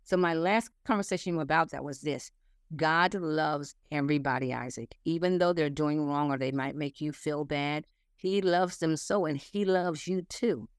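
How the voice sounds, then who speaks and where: A woman's voice: low voice, normal speed, clean tone, dry recording, clean studio sound. A woman in her sixties, an interview guest, telling family stories earnestly and acting out the dialogue. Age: 60s. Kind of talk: casual faith-based conversation.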